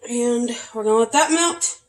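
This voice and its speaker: A woman's voice: a little high, moderate pace. A woman chatting casually while she cooks dinner in her home kitchen, a bit out of breath. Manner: chatty, talks while cooking, uses "y'all". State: out of breath from back pain. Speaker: cooking vlogger. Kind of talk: casual cooking vlog narration. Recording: echoey kitchen with frying noise. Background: frying and sizzling.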